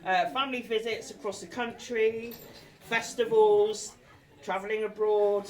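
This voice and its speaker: A woman's voice: medium pitch, a little slow. A woman in her forties giving a wedding speech in a hall, emotional and a bit tipsy, laughing and apologising as she goes. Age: 40s. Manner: emotional, laughing through tears, apologetic asides. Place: large hall at a wedding reception. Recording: distant mic with a lively crowd.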